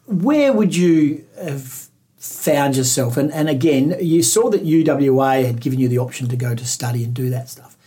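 A man's voice: medium pitch, expressive, moderate pace, mellow, breathy edge. A man with an Australian accent hosting a podcast interview, asking long, rambling questions with many restarts. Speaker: podcast host.

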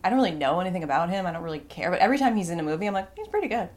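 A woman co-hosting a podcast, chatting easily and agreeing readily with her partner. Her voice sits a little low for a woman, and her talk is loose and conversational. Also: lively intonation, darkish tone. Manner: chatty, quick to agree, slips into mock voices. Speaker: podcast co-host. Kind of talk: casual chat.

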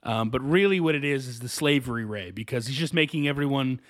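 A man's voice: mid-range voice, expressive, fast talker, a bit bright, no echo. A man co-hosting a podcast, rambling through a casual anime recap and acting out bits of dialogue. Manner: rambling recap with acted-out quotes and laughs. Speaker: podcast co-host.

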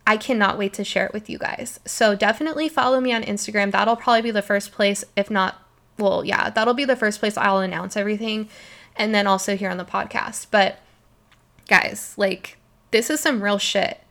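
A woman's voice: mid-range voice, fairly even intonation, moderate pace, gravelly, a bit bright. A young woman hosting a solo podcast, talking in an emphatic, emotional way and swearing freely. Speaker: podcast host. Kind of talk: passionate solo podcast talk.

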